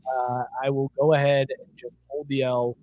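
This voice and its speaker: A man's voice: mid-range voice, little pitch movement, moderate pace, highs cut off, noisy background. A man co-hosting a sports podcast in casual chat, joking and ribbing his co-hosts. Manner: joking, ribbing co-hosts, bursts of loud laughter. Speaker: podcast co-host.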